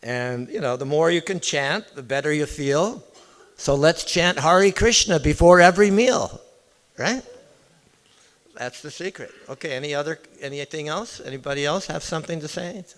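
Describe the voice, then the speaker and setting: Speaking informally in a temple hall, a visiting man delivers a devotional talk and engages the audience with direct questions. His voice sits on the high side with a fairly bright tone.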